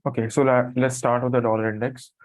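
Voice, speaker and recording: A man who has just woken from a nap, commenting on a live trading stream in a halting, apologetic way as he thinks aloud. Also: medium pitch, level tone, darkish tone, no echo, low-quality recording. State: just woke from a nap, morning voice.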